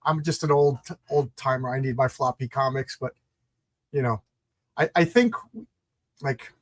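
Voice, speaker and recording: A man's voice: mid-range voice, fairly even intonation, unhurried, no echo. Stammering, enthusiastic male podcast host. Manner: enthusiastic, stammers and repeats words. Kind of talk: casual interview conversation.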